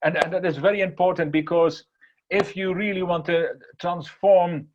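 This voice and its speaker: A man's voice: sits high, fairly even intonation, moderate pace, highs cut off, background noise. A man giving an emphatic inspirational talk, repeating key words and sometimes restarting as he tells a story. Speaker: motivational speaker.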